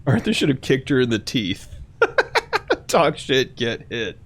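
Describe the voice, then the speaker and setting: A young man hosting a live stream, chatting casually with his chat in a profane, animated way and often jumping into shrill mock voices. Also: takes it slowly.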